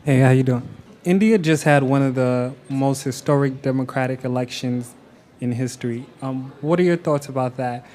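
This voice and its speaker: A man's voice: mid-range voice, moderate pace, warm tone. Man asking an earnest audience question. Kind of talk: questions at a public Q&A.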